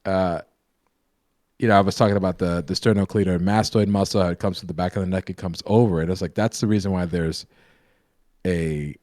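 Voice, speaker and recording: Deep-voiced man explaining art, rambling. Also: steady tone, fast, darkish tone, dry recording. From New York. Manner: rambling, self-correcting explainer. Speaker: co-host, painter and drawing teacher. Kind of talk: casual live-stream chat.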